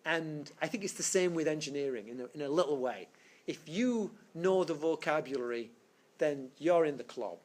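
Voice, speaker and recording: A man with a slightly high voice teaches a physics class, talking things through step by step. He rambles, stops to restart his sentences and fills the gaps with plenty of fillers. It sounds like a casual classroom lecture captured for a screencast. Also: animated, moderate pace, darkish tone. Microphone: screencast recording.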